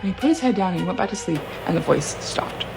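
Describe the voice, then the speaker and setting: Speaking quickly and with plenty of animation, a woman with a fairly low, gravelly voice recounts something frightening that really happened to her, as music plays in the background. Her first-person telling is relaxed and talkative, peppered with fillers and a nervous laugh here and there.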